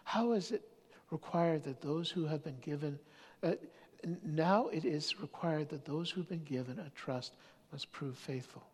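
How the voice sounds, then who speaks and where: Husky pastor preaching, stumbles and restarts a lot, long echoey hall, goes loud then whispery. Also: medium pitch, unhurried. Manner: storytelling, many restarts, swings between loud and whispered. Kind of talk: sermon.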